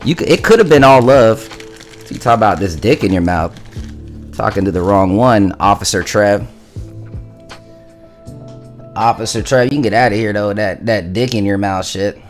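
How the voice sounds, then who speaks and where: A man's voice: fairly low pitch, moderate pace, pauses often, faint music behind. A young man livestreaming from home, chatting loosely with his viewers, swearing freely and rambling through his talk. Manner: loose, profane, talks to chat. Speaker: livestreaming musician. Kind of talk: casual livestream chat. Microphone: studio mic through interface.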